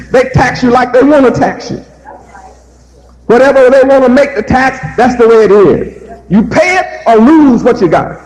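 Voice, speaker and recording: High-voiced emphatic male preacher. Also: a little mellow, poor audio. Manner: emphatic, repetitive, rhetorical questions. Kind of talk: sermon.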